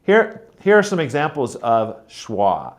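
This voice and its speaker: A man teaching a pronunciation lesson, speaking deliberately and modeling words and sentences aloud to show stress. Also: medium pitch, very animated. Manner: slow, deliberate, demonstrating stress patterns aloud. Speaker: teacher trainer.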